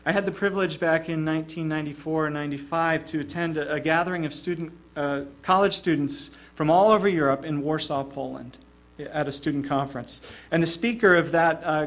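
A man's voice: fairly high pitch, fairly even intonation, fairly quick, fairly bright tone. An older man preaching a sermon in an earnest way, often repeating a small word as he starts a phrase.

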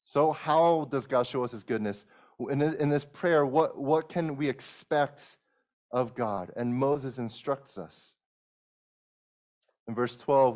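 A man's voice: mid-range voice, a little mellow. Earnest male preacher with frequent restarts. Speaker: pastor. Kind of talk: sermon.

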